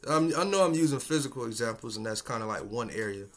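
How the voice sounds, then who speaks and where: A man's voice: medium pitch, expressive, quick pace. A man hosting a casual solo podcast, talking in a laid-back, slangy and profane way and chuckling often. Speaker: podcast host.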